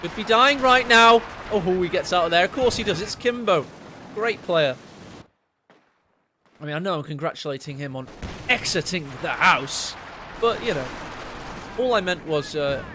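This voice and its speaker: High-voiced excitable male game caster. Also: moderate pace, pauses often, background noise. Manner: excitable, cheeky, jokes at co-caster. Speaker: game commentator. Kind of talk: live game commentary. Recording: loud game battle sounds behind.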